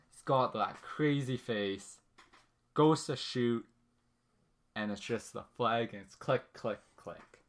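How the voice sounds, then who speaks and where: A man co-hosting a casual podcast, retelling a story in a relaxed, unhurried manner. His voice sits at an ordinary middle pitch. He takes his time over each phrase. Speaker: podcast co-host.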